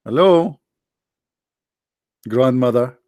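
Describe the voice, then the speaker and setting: A middle-aged man hosting a livestream, joking sarcastically and reading the chat aloud, in halting non-native English. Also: medium pitch, lively intonation, a little mellow, no room sound, studio quality. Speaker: livestream host. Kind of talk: casual live-chat banter.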